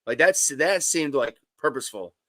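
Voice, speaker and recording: A man co-hosts a live sports talk show, working through his points in rambling, restarting sentences. His voice is bright and mid-pitched. It sounds dry and close. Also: lively intonation, normal speed, no echo. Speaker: co-host.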